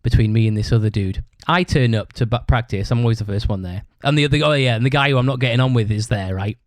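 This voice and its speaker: A young man with a British accent tells a long, rambling story on his podcast, swearing a lot and breaking into laughter. His voice sits at a middle pitch, and the recording is close and dry with no room sound. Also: fairly quick, hardly any pauses, no room sound. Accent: British English. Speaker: podcast host. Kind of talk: casual storytelling monologue.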